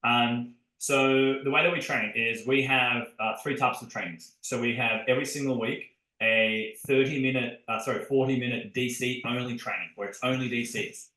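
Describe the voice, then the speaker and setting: Podcast host, male, bright forceful tone, energetic storyteller, echoey room. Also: medium pitch, moderate pace, few pauses. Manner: energetic storytelling, addresses listeners directly. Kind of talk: casual podcast chat. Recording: roomy echo.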